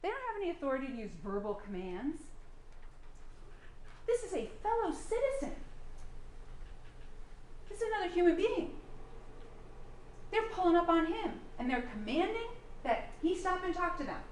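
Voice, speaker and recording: A woman's voice: very high voice, big pitch swings, moderate pace, pauses often, echoey room, slight background noise. A woman prosecutor delivering a courtroom closing argument, firing pointed rhetorical questions at the jury.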